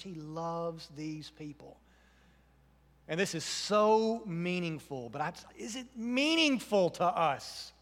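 A man preaches a sermon from the pulpit, his fairly high voice swelling on emphatic questions and falling quiet again. His words ring out into a church with a long reverb tail. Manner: earnest preaching, rising to emphatic questions then dropping soft. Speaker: pastor.

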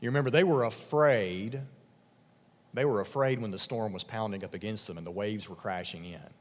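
A man preaching a sermon as a pastor, expressive, dropping soft and low for emphasis and rising for questions. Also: normal speed. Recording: long hall reverb.

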